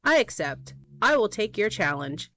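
A woman's voice: medium pitch, big pitch swings, normal speed, a bit bright, dry recording, clean studio sound. A woman voicing an earnest, meek young female raccoon in a storybook reading. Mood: resolute.

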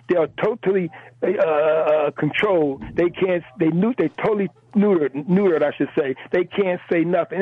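Male call-in caller, fired up, repeats himself; husky, high-pitched, thin phone sound. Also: dry recording. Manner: emphatic, repeats words, rambling. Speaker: radio show caller. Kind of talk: impassioned call-in commentary. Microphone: telephone. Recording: tinny phone line.

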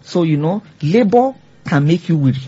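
A woman's voice: lowish voice, animated, normal speed, dark tone, husky, lo-fi sound. A woman leading a church Bible teaching, earnest and growing fervent as she exhorts her listeners. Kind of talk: church teaching with call-and-response.

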